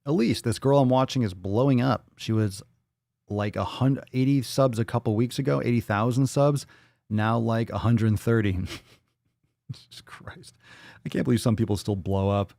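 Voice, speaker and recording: A man's voice: mid-range voice, fairly even intonation, normal speed, vocal fry, warm tone, dry recording, studio quality. A man hosting a livestream podcast, talking bluntly and profanely in a fired-up, casual way.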